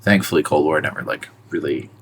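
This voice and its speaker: A man's voice: rumbling low, brisk, a bit bright, slight background noise. A man co-hosting a podcast in a casual movie chat, rambling and hesitant, with lots of "um" and "like". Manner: rambling, hesitant, full of fillers. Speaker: podcast co-host. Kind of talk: casual film discussion.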